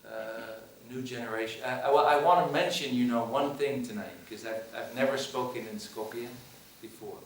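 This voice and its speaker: At a public Q&A after a screening, a man who is a film director and teacher tells a story, restarting hesitantly. His mid-range voice moves at normal speed with hardly any pauses. The hall is echoey, and the mic picks him up from far away.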